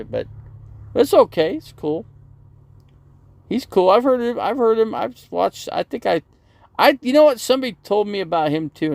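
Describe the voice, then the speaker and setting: A man's voice: high voice, creaky. A man on a casual live stream, rambling as he reads viewer comments aloud and answers them, outdoors near a busy road. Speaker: RV channel livestreamer.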